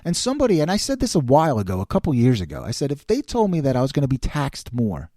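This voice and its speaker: A middle-aged man hosting a podcast, delivering an opinionated political monologue in a sarcastic, animated way. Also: mid-range voice, fast, dry recording, studio quality. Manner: animated, sarcastic, quotes others in put-on voices. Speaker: podcast host.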